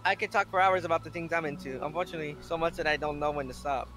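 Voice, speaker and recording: A man's voice: on the high side, fairly even intonation, rapid-fire, a bit bright, slight background noise, natural voice. A man voicing a shy, awkward bookish teenage girl, reading her lines with hesitation from a visual novel. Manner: hesitant, self-critical reading.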